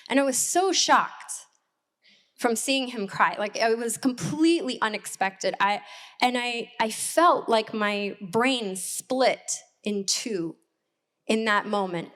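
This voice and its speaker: A woman in her forties, an assistant pastor preaching a sermon in a church hall, candid and personal, with reflective pauses. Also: medium pitch.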